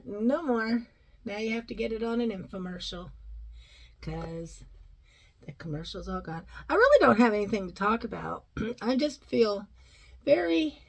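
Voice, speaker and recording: A woman's voice: mid-range voice, low-quality recording. A middle-aged woman vlogging in casual, rambling chat, now and then cooing at her dog in baby talk.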